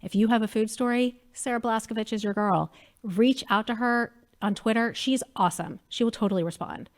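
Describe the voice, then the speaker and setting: A woman in her thirties, a media company president chatting as an interview guest, telling lively stories and acting out quotes. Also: a little high, brisk. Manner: animated storyteller, acts out quotes. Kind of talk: casual interview chat.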